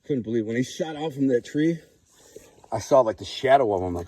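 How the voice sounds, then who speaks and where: A man, talking casually to camera outdoors by a river, excited and rambling, often repeating himself. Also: medium pitch, fairly quick, slightly rough. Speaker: vlogger. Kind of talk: casual outdoor vlog narration.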